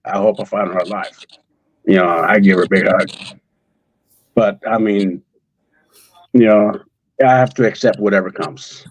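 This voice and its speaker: Halting, low-voiced man, dry and dull. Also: steady tone, no room sound. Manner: halting, repeats words, speaks softly through tears. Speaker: guest, father of a missing daughter. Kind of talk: emotional conversation.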